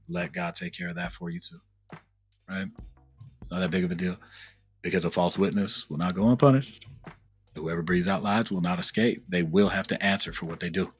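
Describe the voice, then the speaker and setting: A man's voice: deep voice, a bit bright, no echo. A man giving a casual devotional teaching as a minister, talking in a conversational, slangy way, often asking "right?" and repeating his points for emphasis. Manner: tells stories with emphatic repetition.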